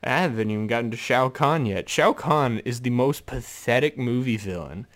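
A man hosting a podcast, reviewing a movie in casual solo chat, animated and laughing often as he slips into mock voices. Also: medium pitch, moderate pace. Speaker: podcast host.

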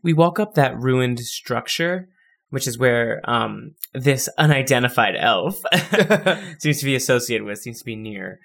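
A man hosts a podcast in casual chat. He teases his co-host playfully. His voice sits at an ordinary middle pitch. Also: animated, measured pace, gravelly, fairly bright tone. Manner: joking, playfully teasing.

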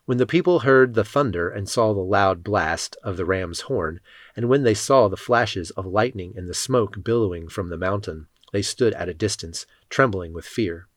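A man reading Bible passages aloud in a measured, solemn way. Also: fairly low pitch, dry recording, studio quality. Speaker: scripture reader.

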